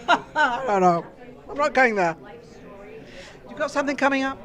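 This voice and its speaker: A woman's voice: high-pitched, expressive, measured pace, a bit bright. Chatty woman interviewing on a red carpet. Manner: chatty, encouraging, gives advice. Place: outdoor red carpet event. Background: crowd chatter.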